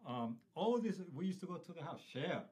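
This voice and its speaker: A man's voice: fairly high pitch, very animated, normal speed, a little mellow. A man in his fifties, a guest on a podcast, telling rambling anecdotes with many fillers in casual conversation. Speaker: podcast guest, stone restoration business owner.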